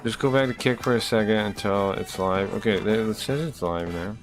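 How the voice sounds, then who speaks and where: A man's voice: lowish voice, moderate pace, soft background music. A man streaming live, chatting casually with his viewers in rambling, profane rants that keep breaking off and restarting.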